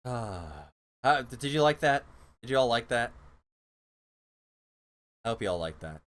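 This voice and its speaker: A man's voice: mid-range voice, very animated, unhurried, fairly bright tone. A man hosting a livestream, chatting casually in a rambling, self-deprecating, flustered way. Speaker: livestream host. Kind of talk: casual chat.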